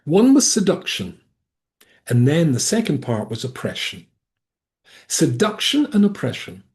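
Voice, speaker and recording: A man's voice: on the high side, wildly swooping pitch, unhurried, darkish tone. A male rabbi teaching a Torah class over a video call, talking in a digressive way with frequent restarts and asides.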